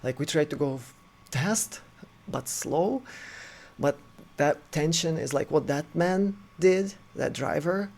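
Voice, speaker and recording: A man telling a personal story in an earnest, halting way, often restarting his sentences. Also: on the high side, creaky, a little mellow. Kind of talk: personal story told to camera.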